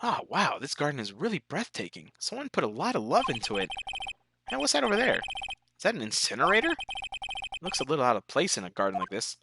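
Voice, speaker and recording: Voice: mid-range voice, huge pitch swings, fast, creaky, background noise. A let's player casually reading the game's text aloud, with joking asides. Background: game music.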